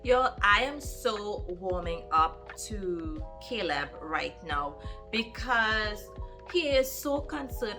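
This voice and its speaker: A woman's voice: lowish voice, pushed and bright. A woman chatting casually in a reading vlog, animatedly recapping a romance plot and firing off exclaimed questions. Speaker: book vlogger.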